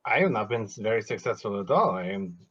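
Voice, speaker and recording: A man's voice: lowish voice, lively intonation, fast, a bit bright, husky, highs cut off. Man playing a defiant, stubborn adventurer. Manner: defiant, curses, many filler ums. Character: stubborn male adventurer guarding his own quest. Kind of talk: in-character tabletop role-play.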